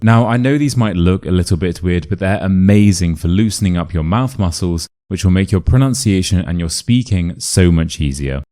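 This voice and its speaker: A man with a British RP accent teaching pronunciation in an upbeat, clear instructional video lesson. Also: low voice, normal speed, few pauses, dark tone. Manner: clear, upbeat, demonstrating sounds.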